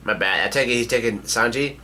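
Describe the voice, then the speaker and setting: A man casually reading a manga chapter aloud and reacting, halting with many restarts. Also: mid-range voice, pushed and bright.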